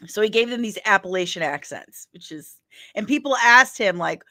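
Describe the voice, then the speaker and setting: A woman from St. Louis, Missouri, with a St. Louis accent, hosts a daily comics news show. Her medium-pitched voice is expressive, pushed and bright at a moderate pace, and her casual ranting commentary is emphatic and exasperated, with points often capped by "okay?"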